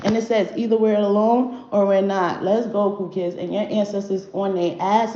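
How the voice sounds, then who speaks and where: A woman's voice: medium pitch, moderate pace, few pauses, a little mellow. Blunt, profane woman reading on a livestream. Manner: blunt and profane, talks to chat directly. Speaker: spiritual reader livestreaming to viewers. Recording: dull roomy livestream audio with faint noise.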